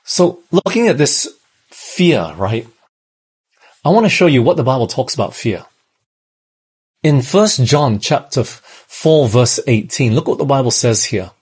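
A man's voice: medium pitch, expressive, unhurried, darkish tone, husky. A man from Australia, preaching a sermon in a conversational way and often checking in with the listeners. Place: church in Malaysia.

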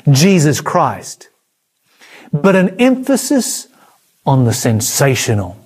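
A man preaching a prophecy sermon with an emphatic, dramatic delivery and a slightly husky voice. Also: darkish tone. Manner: dramatic, emphatic delivery with sweeping pitch swings.

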